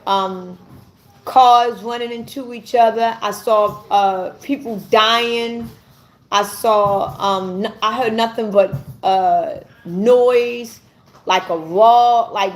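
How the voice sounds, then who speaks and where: A woman giving an earnest personal testimony to camera, halting and often repeating her words as she searches for them. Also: on the high side. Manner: earnest and intense. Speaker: vlogger.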